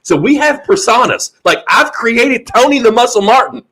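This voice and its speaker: A man's voice: extremely high pitch, expressive, moderate pace, a bit bright, husky. A man hosting a podcast in casual chat, telling a funny story with lots of laughter. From Southern Indiana. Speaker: podcast host.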